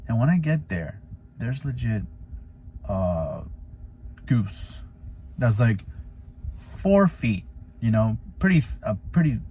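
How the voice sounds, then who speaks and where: A stay-at-home dad who drives deliveries, telling a funny story in a casual vlog and leaning heavily on fillers like "you know" and "like". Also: male voice, fairly low pitch, dark tone, husky. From Florida.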